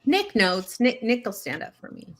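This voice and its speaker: A woman from California chats on a casual livestream, telling stories with plenty of laughter. Her voice sits on the higher side, and her delivery is lively and animated. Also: normal speed. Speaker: co-host.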